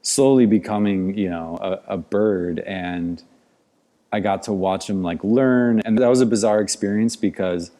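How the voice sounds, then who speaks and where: A man's voice: on the low side, measured pace, dark tone. A man, a podcast guest, telling a story in casual conversation, rambling with many "like" fillers. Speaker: podcast guest, outdoor educator.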